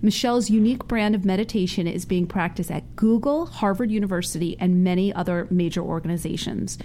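A woman co-hosting a talk show, chatty and quick to laugh, reading a guest introduction. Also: mid-range voice, mellow, a little hiss or hum. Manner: chatty, laughs easily, restarts. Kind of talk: casual chat and read introduction.

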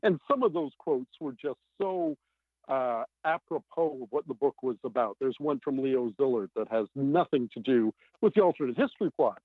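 Novelist guest, male, lively and emphatic, dry tinny phone-line sound. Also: medium pitch, normal speed, breathy edge, no room sound. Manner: animated, emphatic, with many fillers. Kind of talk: podcast interview.

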